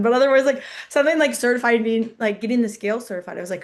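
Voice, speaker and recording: A woman's voice: fairly high pitch, steady tone, fast, few pauses. A young woman from Iowa, a head wrestling coach, chatting casually as a guest and saying "like" a lot. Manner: chatty, heavy use of "like". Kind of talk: casual interview chat.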